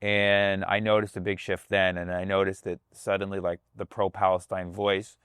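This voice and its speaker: A man's voice: deep voice, little pitch movement, normal speed, a bit bright, smooth, dry recording, clean studio sound. A man, a comedian, talking casually on a podcast, loose and profane, slipping into voices to act out other people. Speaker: comedian guest.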